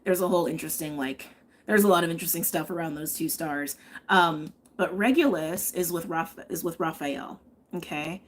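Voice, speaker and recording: A woman's voice: low-pitched, moderate pace. A woman giving a live tarot and astrology reading, chatting and thinking aloud, often checking in with "okay?". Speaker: tarot reader.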